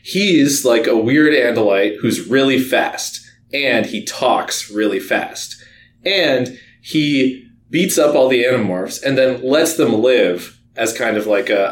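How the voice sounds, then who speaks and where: A man's voice: medium pitch, slow, echoey room. A man co-hosting a podcast, giving a chatty, sarcastic recap of a book's plot and laughing as he goes. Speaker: podcast co-host.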